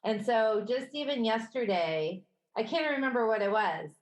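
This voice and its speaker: A woman's voice: fairly high pitch, animated, normal speed. Woman, Midwestern accent, podcast co-host, casual chat, roomy echo. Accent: Midwestern American. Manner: conversational, laughs easily, self-correcting.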